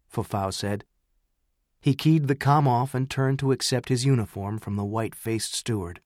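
A man's voice: mid-range voice, dry recording. Man narrating an audiobook, dry and close. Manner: measured, even storytelling. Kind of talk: scripted narration.

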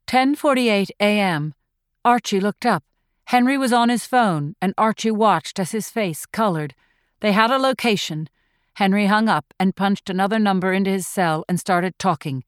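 A woman reading thriller narration in a measured, tense storytelling voice. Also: medium pitch, clear, resonant tone, no room sound, clean studio sound. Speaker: audiobook narrator.

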